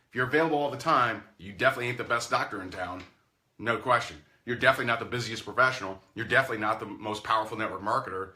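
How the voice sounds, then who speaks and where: A man's voice: mid-range voice, sharp tone. A man coaching network marketers, talking animatedly and acting out phone calls in goofy voices. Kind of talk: sales coaching talk.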